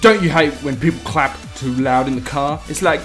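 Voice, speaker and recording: A man giving casual, jokey let's-play commentary, swearing freely and reading lines aloud in mock-dramatic bursts while typing on a loud mechanical keyboard. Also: a little high, moderate pace, hardly any pauses, faint music behind. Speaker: gaming YouTuber. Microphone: desk mic beside a loud mechanical keyboard.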